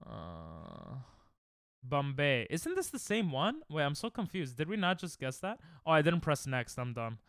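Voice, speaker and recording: Young man, game streamer, lively pitch, dry close headset sound. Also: a little slow, gravelly, no room sound. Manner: excitable, reacting aloud and bantering with chat. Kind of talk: casual live-stream chatter while gaming.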